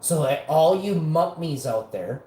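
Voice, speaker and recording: A man's voice: a little high, expressive, unhurried, a little mellow, slight background noise. Profane ranting man in a roomy room. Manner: profane, combative, mocking. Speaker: live show host. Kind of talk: ranting live monologue. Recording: roomy echo.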